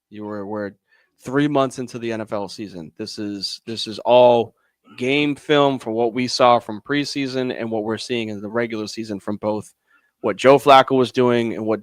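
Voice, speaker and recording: Animated man co-hosting a sports podcast. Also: mid-range voice, dry recording, clean studio sound. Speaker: podcast co-host. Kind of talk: casual sports chat.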